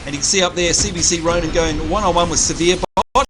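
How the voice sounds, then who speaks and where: A man, co-hosting a live game stream and chatting excitedly to viewers. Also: a little high, fast, heavy background noise. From New Zealand. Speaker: livestream co-host. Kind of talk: live gaming commentary. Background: game music.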